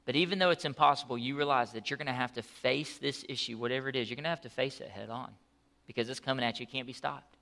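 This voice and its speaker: A man preaching a sermon as pastor, telling the story in an animated, conversational way with asides. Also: mid-range voice, fast, creaky.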